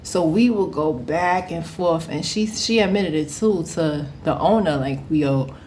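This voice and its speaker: A woman in her thirties telling a casual story, animated and often laughing as she acts out the people in it. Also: low-pitched, measured pace, slight background noise. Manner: animated, acts out quoted voices. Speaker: vlogger.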